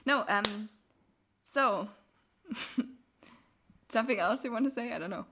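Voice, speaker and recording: A woman's voice: fairly high pitch, fairly bright tone, a little hiss or hum. A woman co-hosting a podcast, chatting casually and giggling a lot. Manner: giggly, quick back-and-forth. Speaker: podcast co-host.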